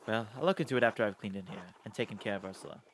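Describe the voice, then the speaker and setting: A man voicing a kindly middle-aged woman who keeps house in a game, speaking in a gentle, caring way. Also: fairly low pitch, racing, a little hiss or hum, natural voice.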